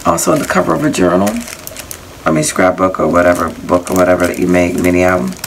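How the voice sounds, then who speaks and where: A woman's voice: rumbling low, fast talker, gravelly, a little hiss or hum, rough recording. A woman casually showing off craft supplies she bought, rambling a little and reading out prices and item numbers. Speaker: crafting haul vlogger.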